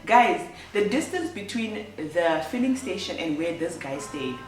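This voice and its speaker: A woman's voice: lowish voice, expressive, a little slow, recorded from a distance. A young woman telling a personal story on her vlog, chatty, with lots of fillers and self-corrections. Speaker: vlogger. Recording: echoey room, voice off-mic, faint music.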